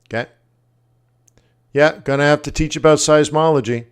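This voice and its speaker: A man's voice: a little high, steady tone, moderate pace, clean tone. A man with a Canadian accent hosting a forex trading livestream, talking casually in a rambling, jokey way and correcting himself as he goes. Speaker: forex trading educator and stream host.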